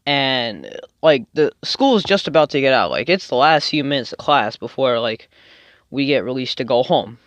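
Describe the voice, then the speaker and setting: A man's voice: mid-range voice, expressive, moderate pace, fairly bright tone, dry recording. A young man rambling through a personal story in a casual, filler-heavy way, swearing often. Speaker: storytime vlogger. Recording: dull lo-fi dry sound.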